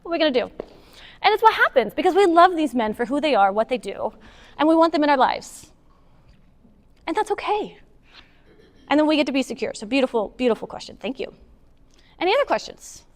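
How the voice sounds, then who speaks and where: A woman giving a casual, animated talk to a moms' group, taking audience questions and acting out what partners say. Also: high voice, brisk, pauses often. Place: meeting hall with an audience. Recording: long hall reverb.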